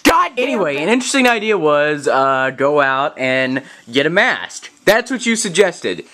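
Gaming vlogger, male, bright voice, swears freely through a casual rant. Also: fairly high pitch, big pitch swings, normal speed. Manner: profane, exasperated storytelling. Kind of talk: casual vlog rant to camera.

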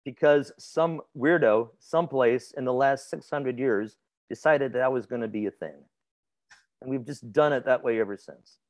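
In a classroom grammar lecture, a male instructor talks at normal speed in a medium-pitched voice. His lesson feels conversational as he asks his students questions and laughs readily.

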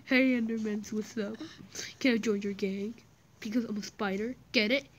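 A woman giving casual gameplay commentary, excitable and playful, humming little tunes as she plays. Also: medium pitch, moderate pace. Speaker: gamer.

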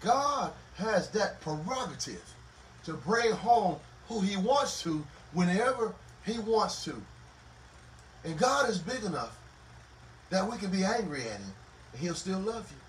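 Impassioned male pastor preaching, high voice, heard from some way off the mic. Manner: impassioned preaching, swelling loud on scripture and sinking low. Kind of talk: sermon at a Bible study. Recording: echoey room, mic at a distance, faint noise.

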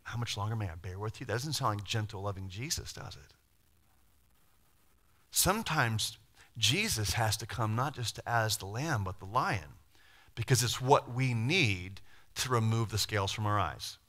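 Animated preacher man, bright voice. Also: on the low side, unhurried. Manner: animated, conversational preaching with sudden loud and quiet swings. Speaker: pastor. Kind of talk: sermon.

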